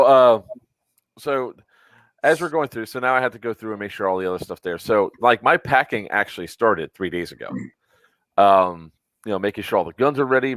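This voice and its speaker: A man from Florida with a lowish voice, talking casually on a podcast. He teases and jokes, and he rambles with plenty of fillers. The sound is dry and close. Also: fairly bright tone, no room sound. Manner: joking, teasing, rambling with fillers. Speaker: podcast co-host. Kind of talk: casual chat.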